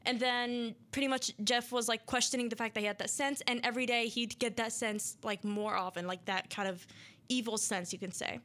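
A nervous woman hosts a radio show, retelling a creepy internet story in a loose, rambling way. Her voice is bright and slightly high, and she stumbles through fillers and restarts. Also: fairly even intonation, brisk. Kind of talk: casual storytelling.

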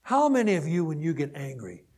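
A male preacher with a slightly high, husky voice and a very lively pitch. He teaches in an animated way, climbing to emphatic declarations and then dropping to soft, near-whispered asides. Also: fairly quick. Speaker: pastor. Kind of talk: sermon teaching ending in prayer.

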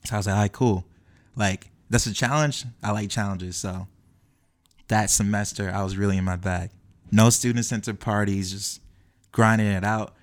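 A young man animatedly telling a personal story, acting out the quoted lines of the people in it. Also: on the low side. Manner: acts out quoted dialogue, quick and lively. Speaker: guest telling his story.

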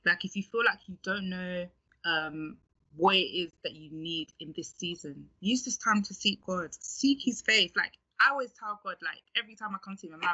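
A woman's voice: fairly low pitch, normal speed, sharp tone, lo-fi sound. A woman with a London accent, a guest on a faith podcast, talking in an encouraging, preachy way and laughing often. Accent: London English. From England. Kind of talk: faith-based podcast chat.

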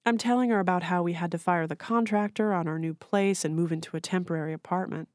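A woman's voice: lowish voice, steady tone, quick pace, darkish tone, no echo, clean studio sound, lightly acted. A woman voicing a poised, manipulative wife at a party, speaking in a soothing, controlled way. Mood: smooth insistence.

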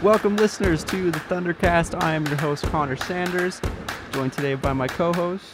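A young man hosting a casual sports podcast, relaxed and chatty with many fillers. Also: a little high, moderate pace, over music. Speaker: podcast host.

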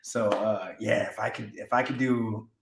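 A man's voice: lowish voice, fairly even intonation, background noise. Laid-back man guest in an echoey room. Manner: laid-back, halting with restarts. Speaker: guest wrestler. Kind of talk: casual interview chat.

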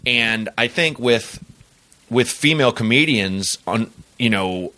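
A man's voice: medium pitch, slow pace, dry recording. A middle-aged male comedian chatting casually as a podcast guest, telling stories and acting out the people in them. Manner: animated storyteller acting out quoted people.

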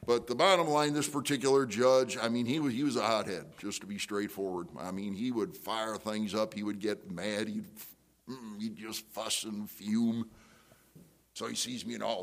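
A middle-aged man preaching a sermon, telling a story and acting out the voices in it with big jumps up in pitch. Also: normal speed. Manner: animated storytelling, jumps high to act out quotes. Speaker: pastor. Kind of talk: sermon with acted-out anecdote.

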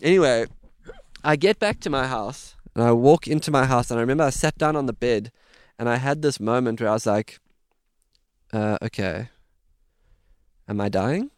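Man guest spinning a lively tale, smooth resonant voice, dry close mic. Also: medium pitch, brisk, no room sound. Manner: vivid, dramatic retelling with voiced sounds. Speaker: podcast guest, safari guide. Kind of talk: animated storytelling.

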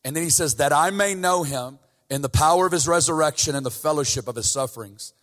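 A guest preacher with a slightly high, somewhat bright voice talks fast in a church sanctuary, the hall's reverb audible. His sermon starts out casual and builds to fervent emphasis.

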